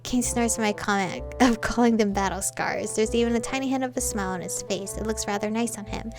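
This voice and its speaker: A woman's voice: a little high, steady tone, brisk, over music. A woman reading a visual novel aloud, with chatty, giggly asides between passages. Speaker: game player reading aloud.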